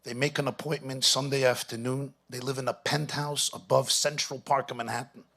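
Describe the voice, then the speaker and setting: A man's voice: medium pitch, level tone, normal speed, vocal fry, a bit bright. A middle-aged man, a rabbi, telling a story to an audience at a weekend gathering and mixing in Yiddish and Hebrew phrases. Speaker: rabbi speaking at a Shabbaton.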